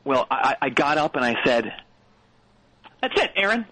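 A man playing a confused, rambling washed-up male comedian who calls in, in a comedy phone bit, with a husky voice that jumps up high. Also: sing-song, moderate pace, sharp tone, no echo, low-quality recording. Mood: bemused. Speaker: caller.

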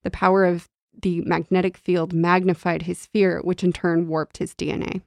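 A woman's voice: fairly low pitch, moderate pace, vocal fry, dry recording. A young adult woman chatting casually about a novel and reading passages aloud. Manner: reads novel passages aloud, animated and laughing when chatting. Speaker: book club podcast co-host.

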